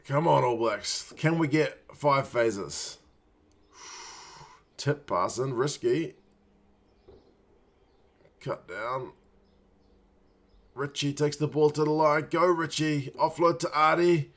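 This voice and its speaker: A man's voice: mid-range voice, slow pace, long pauses. A man in his thirties hosting a live watch-along from home, giving casual commentary in muttered reactions and urging the players on. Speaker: watch-along stream host.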